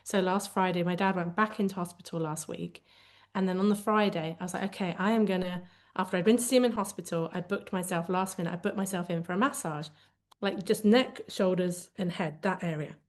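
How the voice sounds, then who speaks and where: A woman's voice: lowish voice, fairly quick. Candid reflective woman podcaster. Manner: candid and reflective, searching for words. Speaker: podcast co-host. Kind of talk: casual conversational podcast.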